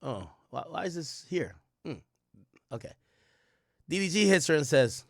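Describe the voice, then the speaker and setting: A man's voice: a little high, sing-song, a little slow, vocal fry, no room sound, studio quality. A young man streaming commentary, reading documents aloud and reacting bluntly with lots of profanity.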